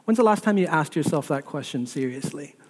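A man's voice: fairly high pitch, lively intonation, brisk. A man preaching a sermon as pastor, building repetitive lists and asking the listeners rhetorical questions. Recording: long reverb of a large hall.

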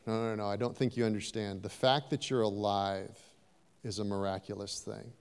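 A man preaching a sermon, animated and playful, acting out little voices and joking with the congregation. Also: lowish voice, a little fast, clean tone. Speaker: pastor. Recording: long hall reverb.

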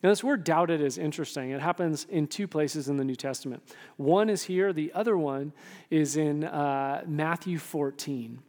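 A man pastor giving an animated sermon, often asking the room "right?" and acting out quotes. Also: a little high, moderate pace. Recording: long hall reverb.

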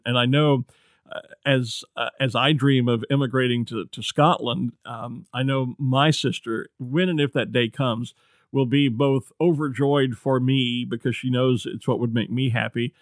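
A man's voice: medium pitch, dry recording. Chatty American man, dry sound. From United States. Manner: friendly, chatty. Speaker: interviewer. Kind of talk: casual interview.

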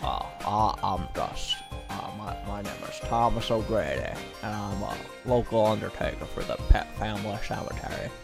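Gravelly-voiced goofy man. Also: fairly low pitch, normal speed, few pauses, over music. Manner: goofy, playful. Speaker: player. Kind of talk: casual podcast chat.

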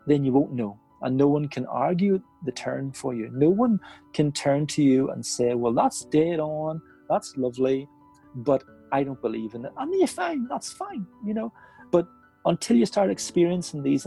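A man speaks as a podcast guest in earnest, reflective conversation. His voice is gravelly, husky and mellow. The sound is dry, with faint music underneath. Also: mid-range voice, dry recording. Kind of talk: casual conversation.

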